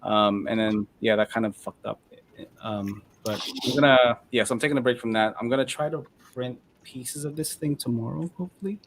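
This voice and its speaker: Male host, mid-pitched, casual and halting delivery, rambles through explanations. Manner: rambling, halting, many restarts. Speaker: host of a model-building stream. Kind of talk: casual chat.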